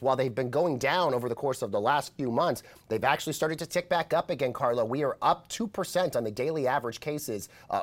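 A man co-hosting a casual news podcast, his voice hoarse and croaky from a cold, chatty and easily amused. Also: medium pitch. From Colorado. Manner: chatty, laughs easily, reads headlines briskly. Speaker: podcast co-host.

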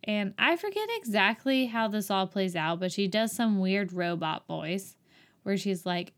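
A woman's voice: mid-range voice, expressive, measured pace. A woman co-hosting a casual movie chat, sarcastic and exasperated. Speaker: podcast co-host reviewing a movie.

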